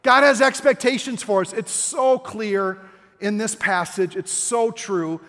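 An older man preaching a sermon with passion, his voice climbing toward near-shouts at the key points. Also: high voice, measured pace. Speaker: pastor. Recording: long hall reverb with faint music.

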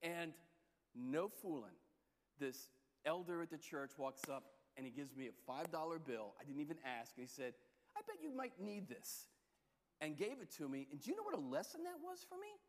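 A high-pitched man preaches a storytelling sermon, swinging between quiet asides and bursts of excitement. His voice rings out in a hall with a long, trailing reverb. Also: a little fast. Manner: storytelling, lively shifts in pitch and loudness. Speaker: pastor.

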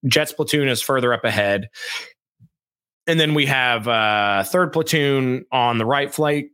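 Relaxed man telling a story, dry sound. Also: mid-range voice, clean tone, no echo. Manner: relaxed, measured, many fillers like um. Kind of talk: casual storytelling chat.

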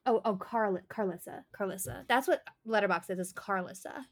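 A woman's voice: medium pitch, fairly quick. A young woman co-hosting a podcast, talking casually and rambling, with lots of "like" and swearing as she acts out quotes. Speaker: podcast co-host. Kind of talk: casual chat.

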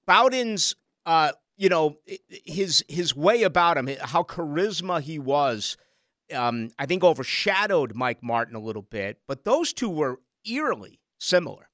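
A man's voice: on the high side, sing-song, a little slow, fairly bright tone, no room sound, studio quality. A male sports radio host interviewing a guest in an upbeat, conversational way.

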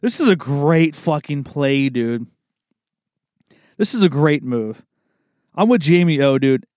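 A young man hosts a loose, rambling solo chat with an easygoing, bro-ish manner, sprinkling "man" and "dude" through every thought. His voice sits a little higher than most men's. The sound is close and dry, with no room echo. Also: expressive, takes it slowly, a little mellow. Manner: laid-back, rambling, peppers talk with "man" and "dude". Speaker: podcast host.

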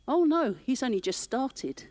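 A middle-aged woman minister shares her testimony in church, her voice warm with feeling and conversational. She speaks slowly in a fairly high voice. The sound is dry and close. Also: big pitch swings, dry recording. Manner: emotional, conversational storytelling.

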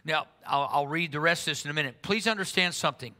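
A man preaching a sermon in an earnest way, slowing down for emphasis and speeding up for asides. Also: on the high side, bright, forceful tone. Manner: earnest, shifts between slow emphatic lines and quick asides. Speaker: pastor. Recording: long reverb of a large hall.

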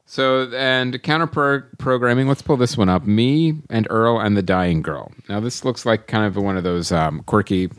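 A man's voice: fairly low pitch, normal speed, few pauses, no room sound, clean studio sound. A man co-hosting a film podcast, joking and agreeing in casual chat. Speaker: podcast co-host.

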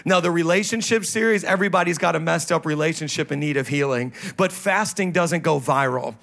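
A male pastor preaching a sermon on stage, animated and playful, with sudden drops into low, quiet emphasis. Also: fairly quick, creaky. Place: church stage.

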